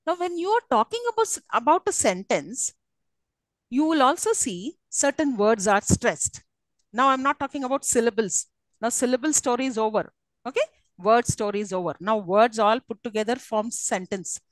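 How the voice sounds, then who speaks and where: A woman's voice: on the high side, animated, moderate pace, no echo, poor audio. A woman giving a university English lecture, often checking that her students follow. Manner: teacherly, checks understanding often. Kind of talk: classroom lecture.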